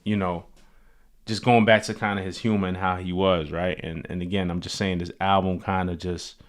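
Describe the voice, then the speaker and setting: A man hosting a show, telling personal stories in a relaxed, loose way, full of "like" and "you know.". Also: low-pitched, moderate pace. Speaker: host. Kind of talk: casual storytelling.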